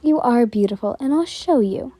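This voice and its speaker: A woman doing a poised, protective young heiress in whispered role-play. She speaks gently and politely, in a slightly high, dark, mellow tone, close and dry. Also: expressive, moderate pace, dry recording. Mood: reassuring. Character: poised wealthy young heroine, kind and protective.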